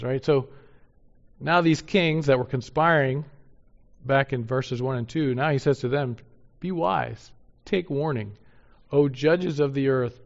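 A man preaching a sermon, building to loud, emphatic peaks on key points and then dropping low and quiet. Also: vocal fry. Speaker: pastor. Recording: muffled sound in a reverberant hall.

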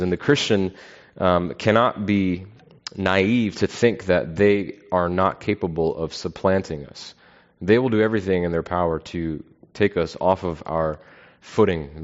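A man preaching an earnest, measured sermon, often pausing with fillers. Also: low voice. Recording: dull, lo-fi sound.

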